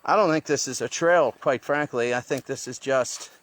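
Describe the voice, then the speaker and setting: This jungle vlogger talks into his handheld phone at a moderate pace, his medium-pitched voice a bit bright. He muses out loud to the camera while he hikes outdoors.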